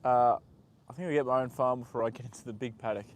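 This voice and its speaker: A young man live-streaming from a horse paddock, chatting with viewers and talking softly to his horse. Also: medium pitch, steady tone, quick pace. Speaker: livestream host. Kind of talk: casual live stream chat.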